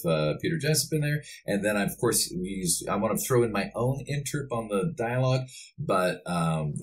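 Deep voiced guy chatting on a podcast, laid back, chuckles a lot. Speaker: voice actor guest. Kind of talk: casual podcast interview.

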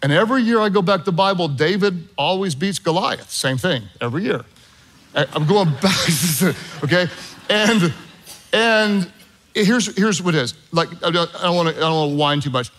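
A middle-aged man preaching from a church stage with a slightly raised pitch. He tells stories in an animated, self-deprecating way and jokes with the congregation. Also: normal speed. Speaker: pastor. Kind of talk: sermon with storytelling.

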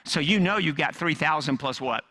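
A man preaching a sermon, telling a story with dramatic swings from loud emphasis down to hushed, near-whispered lines. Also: fairly high pitch, normal speed. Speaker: pastor.

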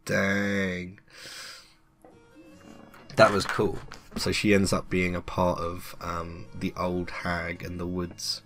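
A man's voice: low voice, monotone, slow pace, pauses often, a bit bright, faint music behind. A man hosting a let's play, chatting casually and joking as he plays. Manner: chatty, joking, reads game text aloud. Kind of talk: casual gameplay commentary.

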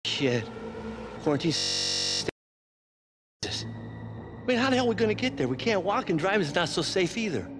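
A man voicing an anxious young survivor in a video game, talking in a hurried, worried way. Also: sits high, big pitch swings, over music.

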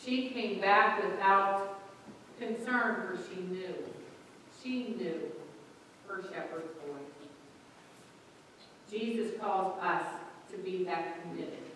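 Woman pastor, sermon, unhurried storytelling, long church reverb, faint room hum. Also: lowish voice. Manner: storytelling with lively quoted voices. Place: church sanctuary. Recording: echoey church from far off.

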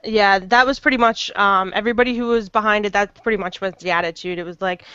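A woman's voice: medium pitch, quick pace, hardly any pauses, a bit bright, clear, resonant tone, no echo, dull audio. A woman guesting on a podcast, earnest and exasperated, often restarting her sentences. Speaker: guest investigator. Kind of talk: casual interview.

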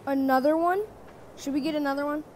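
A woman's voice: sits high, steady tone, a little fast. Playful young woman narrating her gameplay. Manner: playful, talks to the animals in the game, jumps between loud and quiet. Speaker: gamer. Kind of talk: casual gameplay commentary. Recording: loud background noise.

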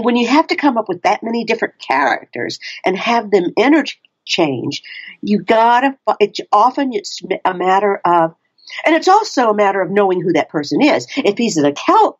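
A woman's voice: breathy edge, lo-fi sound. A woman with a Texan accent, an audiobook narrator chatting animatedly as an interview guest. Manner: animated, restarts often, frequent pitch swings. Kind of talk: casual interview chat.

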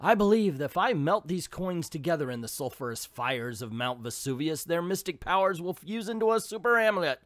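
A man voicing a scheming sorceress duck from a comic, reading her lines in a calm, read-aloud way. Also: on the high side, a little fast, hardly any pauses, dry recording, studio quality, voice pushed up.

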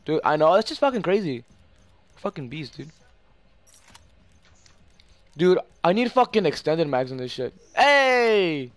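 A young man hosting a gaming session, talking fast and loose with friends, excitable and profane, swearing and calling out plays. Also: on the high side, dry recording. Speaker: gamer host. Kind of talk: casual gaming chat.

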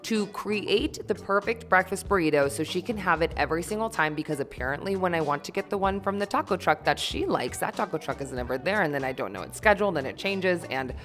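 A woman with a low voice narrates a DIY vlog in a candid, chatty way, poking fun at herself as she goes. Soft music plays underneath the voice-over. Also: expressive, fairly quick, few pauses. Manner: chatty, candid, self-deprecating. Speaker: DIY vlogger.

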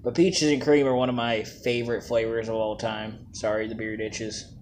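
A man's voice: medium pitch, flat delivery, moderate pace, background noise. A man casually reviewing vape juices, joking and plain-spoken in a laid-back way.

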